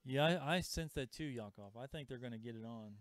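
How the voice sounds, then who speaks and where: A man's voice: mid-range voice, brisk, dry recording. A man hosting a live sales stream from a comic shop. He chats casually, reads out viewer comments and calls out prices.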